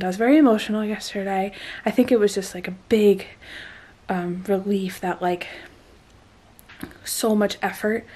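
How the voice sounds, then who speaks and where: A woman in her twenties chatting casually in a vlog, gushing and breathless, with lots of fillers. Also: mid-range voice. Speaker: vlogger.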